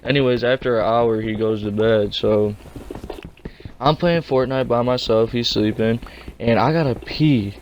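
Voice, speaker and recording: A man's voice: mid-range voice, measured pace, highs cut off, slight background noise. A young man casually telling a rambling, slangy story. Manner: rambling, slangy, laid-back.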